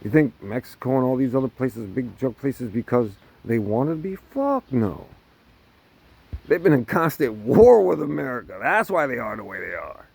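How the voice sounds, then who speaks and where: A man's voice: mid-range voice, moderate pace, gravelly, slightly rough. A man ranting casually to camera, swearing constantly and laughing between lines. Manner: profane, laughing often, animated. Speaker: vlogger.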